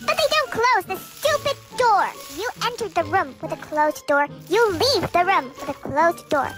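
A young woman telling school storytime gripes in a sarcastic, exasperated way, with music playing behind. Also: very high-pitched. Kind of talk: storytime narration.

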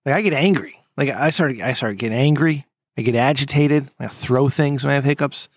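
A man's voice: mid-range voice, brisk, no room sound, studio quality. Rambling, profane man on a podcast. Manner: rambling, profane, breaks into big laughs. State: drinking. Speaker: podcast co-host. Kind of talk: casual crude banter.

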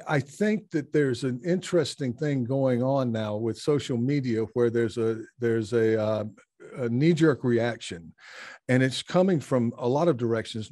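A man's voice: mid-range voice, a little mellow, dry recording. Hesitant male podcast host, dry sound. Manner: hesitant, many uh fillers, thoughtful. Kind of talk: conversational interview. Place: Tokyo.

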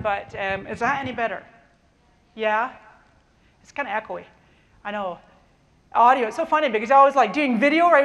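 A middle-aged woman with a blended Canadian and Scottish accent delivers a keynote in a big conference hall, speaking into a lapel mic. Her voice is slightly high and a bit bright, with a light hiss or hum. She is enthusiastic and chatty, addressing the crowd directly.

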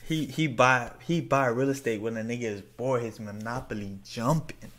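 A man hosting a reaction video, laughing often and repeating the lines he hears back in excitement. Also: medium pitch, moderate pace. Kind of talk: casual reaction commentary.

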